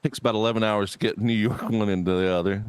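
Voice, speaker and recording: A man's voice: on the low side, fairly even intonation, fast, clean tone. A man playing an election candidate in a role-play interview, brash and playful.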